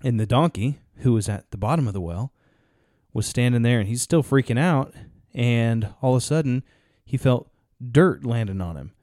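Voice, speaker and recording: Man on a podcast, rambling storyteller, mellow dark voice, dry close sound. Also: mid-range voice, animated, no room sound. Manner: rambling, halting, with frequent restarts. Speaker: podcast co-host. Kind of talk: casual podcast talk, storytelling.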